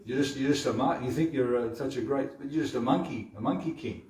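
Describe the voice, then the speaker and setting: A man's voice: medium pitch, a little fast, a little mellow, pitched above the performer's own voice, lightly acted. A fond mother scolding her rascal of a child in a teasing tone, as a man telling the tale puts her on. It sounds roomy and distant, as if caught from across a hall. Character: scolding loving mother of a toddler.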